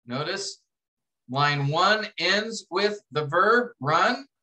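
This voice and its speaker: A man lecturing to a class, walking students through an assignment step by step, restarting phrases and slowing down to read verses aloud. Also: high-pitched, lively intonation, bright, forceful tone, low-quality recording. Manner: explanatory, repeats and restarts phrases, reads verses slowly. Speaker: instructor.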